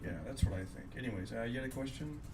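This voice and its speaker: A middle-aged man from Fresno, California, doing live stand-up and telling animated stories in which he acts out voices. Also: mid-range voice, fast talker, recorded from a distance, noisy background. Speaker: stand-up comedian and guest.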